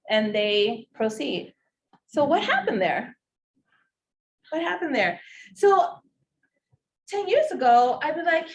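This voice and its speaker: A woman with a non-native English accent telling a personal story in a talk, animated and emotional. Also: sits high, takes it slowly, long pauses. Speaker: social work presenter. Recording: distant mic, faint hiss.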